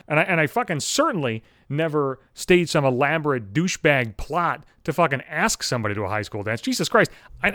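A man's voice: a little high, a bit bright, dry recording, clean studio sound. A young man ranting crudely and with exasperation on his podcast, swearing constantly. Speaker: podcast host. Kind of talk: profane comedic rant.

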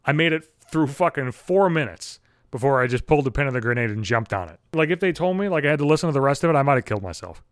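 A man's voice: mid-range voice, animated, fast, no room sound. A young man ranting crudely and with exasperation on his podcast, swearing constantly. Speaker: podcast host. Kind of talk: profane comedic rant.

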